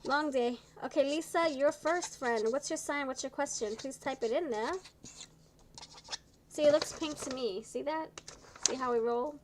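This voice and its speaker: Tired lady doing a live tarot stream, kinda high voice, chatty and encouraging, trips over words, faint hiss behind. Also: moderate pace. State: tired, low energy. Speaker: tarot reader.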